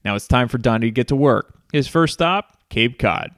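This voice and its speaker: A man giving scripted narration of a film recap in an even, explanatory way. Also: medium pitch, moderate pace, no room sound, studio quality. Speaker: film reviewer.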